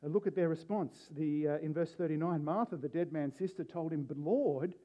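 A man's voice: on the high side, fairly quick, warm tone. A man preaching a sermon earnestly, building to emphatic peaks as he reads and explains a passage. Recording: dull lo-fi sound.

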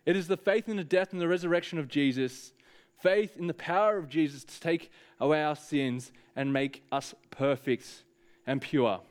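A man's voice: on the high side, normal speed. A man preaching a sermon, speaking earnestly and directly to the congregation with frequent hesitations.

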